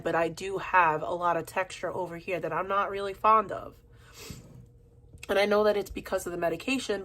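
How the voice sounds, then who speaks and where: A woman streamer chatting casually about her routine in a relaxed, filler-heavy way. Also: medium pitch. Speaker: streamer reacting to a clip. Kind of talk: casual chat.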